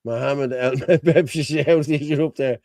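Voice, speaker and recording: A man's voice: medium pitch, steady tone, slow, darkish tone, no room sound. Man, rambling and profane. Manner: rambling and profane, with frequent "you know what I mean". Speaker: host. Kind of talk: casual live stream chat.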